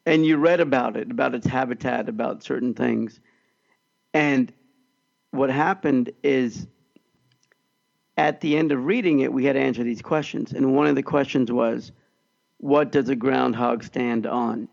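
A man co-hosting a podcast, telling a story in an animated, excitable way. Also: mid-range voice, moderate pace, gravelly, pauses often, highs cut off. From California. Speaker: podcast co-host. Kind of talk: casual storytelling chat.

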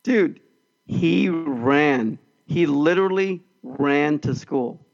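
A man co-hosting a podcast, telling a story in an animated, excitable way. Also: fairly high pitch, extremely slow, gravelly, muffled recording. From California. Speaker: podcast co-host. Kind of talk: casual storytelling chat.

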